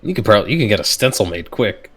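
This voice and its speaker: A man's voice: fairly low pitch, big pitch swings, a bit bright, faint music behind. A man narrating a tabletop game as game master, hesitant and full of fillers. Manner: slow, hesitant, lots of fillers.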